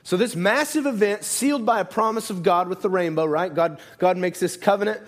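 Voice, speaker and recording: A man's voice: sits high, fairly quick. A man preaching a sermon in a conversational way, often asking "right?" and restarting his sentences. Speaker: pastor.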